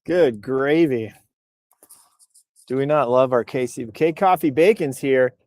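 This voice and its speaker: A man's voice: medium pitch, brisk, a little mellow, no echo. Playful man riffing on a livestream. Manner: playful, riffing and joking while reading comments aloud. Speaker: livestream host reading posts. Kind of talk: casual live-stream chat. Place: outdoors on a bluff.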